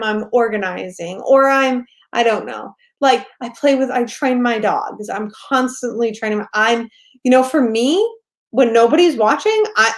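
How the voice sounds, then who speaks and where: A woman business coach giving a casual course lecture, loud and excitable, swearing freely and laughing often. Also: a little high.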